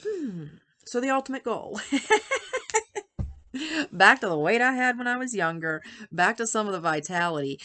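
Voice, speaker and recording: Candid woman in her fifties, low voice. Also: fairly bright tone. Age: 50s. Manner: candid, rambling, emotional. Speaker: vlogger. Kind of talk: personal health vlog.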